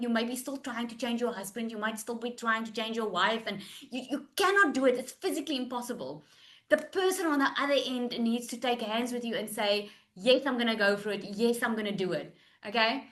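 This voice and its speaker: A woman's voice: on the high side, fairly bright tone. A woman hosting a webinar as a coach, speaking directly and encouragingly to her audience. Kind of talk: motivational webinar talk.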